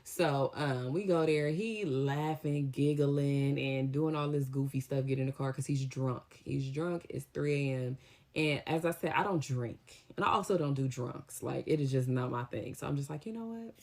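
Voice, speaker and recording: A young adult woman casually telling a storytime tale, in an animated, slangy way with lively acted-out quotes. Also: rumbling low, moderate pace. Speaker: storytime vlogger.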